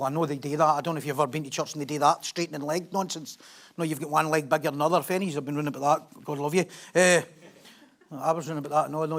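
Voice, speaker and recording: Here a pastor, a middle-aged man whose voice sits high, delivers a casual, joking sermon. Self-deprecating laughs and questions for the congregation punctuate his shift between animated storytelling and reading scripture aloud.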